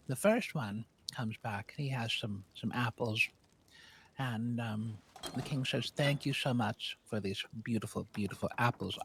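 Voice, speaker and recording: A man putting on a creaky scheming old granny. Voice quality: creaky, raspy. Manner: prim and sing-song, with big pitch swings. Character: scheming old granny who wants to kill someone. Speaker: streamer, role-play player. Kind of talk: western role-play in character.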